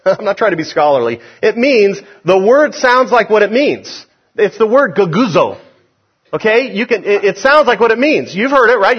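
A man's voice: sits high, husky. A man preaching a sermon as pastor, emphatic and drawing responses from the congregation. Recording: dull lo-fi sound.

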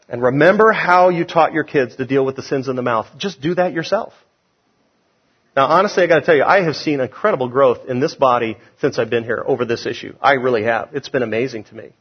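Emphatic husky pastor preaching. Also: male voice, mid-range voice. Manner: emphatic, calls for congregation responses. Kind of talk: sermon. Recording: dull lo-fi sound.

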